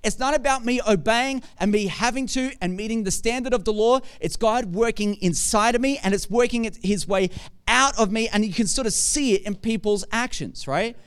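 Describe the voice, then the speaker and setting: A man preaching a conversational sermon who keeps asking rhetorical questions and builds to forceful emphasis. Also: high voice, normal speed, clear, resonant tone.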